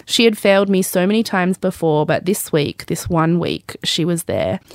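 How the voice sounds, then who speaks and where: Australian woman, memoir reader, low-pitched voice, close and dry, wry and candid. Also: dry recording. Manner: wry, candid narration with joking asides. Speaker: host reading her memoir. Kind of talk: memoir read aloud.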